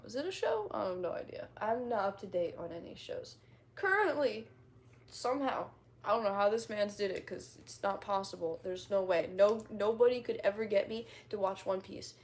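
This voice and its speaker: A young woman chatting casually with her followers, rambling in slang, laughing often and retelling stories dramatically. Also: a little high. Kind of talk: casual chat.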